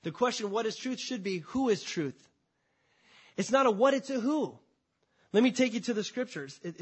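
A man preaching a sermon to a congregation, emphatic, swinging between loud declarations and quiet, drawn-out phrases. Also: high-pitched, husky. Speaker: pastor. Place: church before a congregation.

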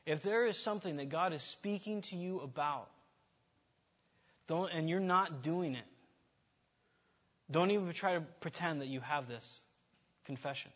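Husky, bright-toned man preaching casually. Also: a little high, unhurried, long pauses. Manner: candid, self-deprecating, conversational with frequent restarts. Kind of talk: informal sermon.

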